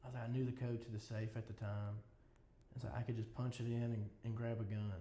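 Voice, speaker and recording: A man speaking as an interview guest, recounting things in an earnest, reflective way. His voice is mellow and warm, and the room lends a noticeable echo with faint ambient noise underneath. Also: medium pitch, flat delivery, fairly quick. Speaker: podcast guest. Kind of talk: casual interview conversation.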